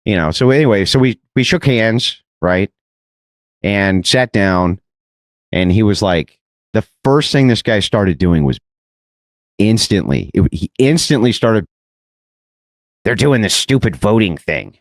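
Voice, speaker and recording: A man with a fairly low voice tells a story with wide swings in pitch, mocking and mimicking someone as he goes. The sound is dry and close, with no room around it. He laughs often and talks in an animated way. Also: measured pace, no room sound. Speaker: debater telling a story. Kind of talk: animated anecdote on a podcast clip.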